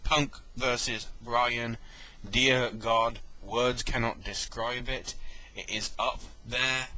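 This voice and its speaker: A man's voice: medium pitch, sharp tone, slight background noise, poor audio. A man giving a casual spoken review, rambling and correcting himself, with joking asides. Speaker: wrestling event reviewer.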